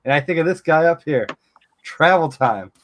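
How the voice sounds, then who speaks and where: A man's voice: on the high side, normal speed, poor audio. A man casually telling a long story, acting out the people he quotes and swearing now and then. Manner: animated storyteller who acts out quoted dialogue, swears casually.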